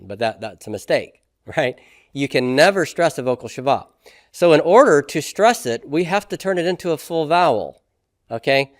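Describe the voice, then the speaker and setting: In a clean, dry studio recording, a man with a mid-range voice lectures a class on grammar. He walks through it step by step and keeps checking in with "okay?" and "right?".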